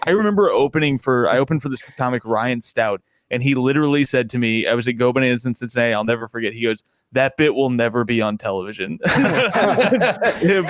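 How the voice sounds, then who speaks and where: A young man, a comedian, talking casually as a podcast guest, telling stories with frequent laughter and sudden jumps in pitch when he gets excited. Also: slight background noise.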